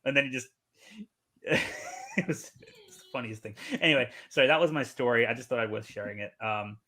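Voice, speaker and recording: A man's voice: medium pitch, normal speed, pushed and bright. A man hosting a podcast, telling a story casually, with lots of swearing and animation. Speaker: podcast host.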